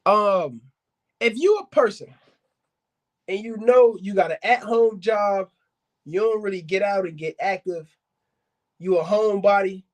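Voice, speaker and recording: A man with a high-pitched voice gives casual advice straight to his viewers. He is blunt and emphatic, repeating points for stress and calling his audience fam and y'all. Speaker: dog breeder and podcast host.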